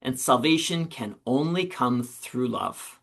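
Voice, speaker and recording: A man reading as a calm, gentle sage. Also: mid-range voice, slow, creaky, full character voice.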